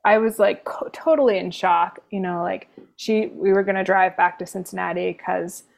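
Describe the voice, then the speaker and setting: Woman, gravelly voice, casual storytelling, sarcastic, dry humor, chatty with fillers. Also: medium pitch, fairly even intonation, normal speed. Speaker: interview guest, nurse.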